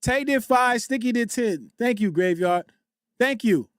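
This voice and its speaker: A man hosting a casual livestream, reading chat aloud in loose slangy banter, repeating phrases and giving frequent shout-outs on a desktop condenser mic. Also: extremely high pitch, expressive, unhurried, no room sound, studio quality. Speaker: livestream host. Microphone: desktop USB condenser mic.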